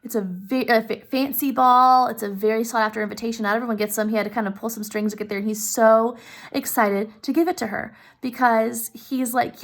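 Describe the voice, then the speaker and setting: A woman casually retelling a story, turning often to ask her listeners questions and filling pauses freely. Her voice is fairly high and has a gravelly, creaky texture. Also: steady tone. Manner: chatty, addresses listeners directly, many fillers.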